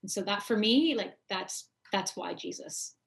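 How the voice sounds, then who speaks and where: A woman's voice: medium pitch, animated, measured pace, creaky. Casual young-sounding woman worship singer. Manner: casual, lots of "like". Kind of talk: interview answers.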